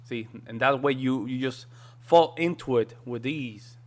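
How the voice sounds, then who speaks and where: A man's voice: medium pitch, a little slow. American man casually reacting, trying sounds. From United States. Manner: repeats words aloud to try them. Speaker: reaction video host.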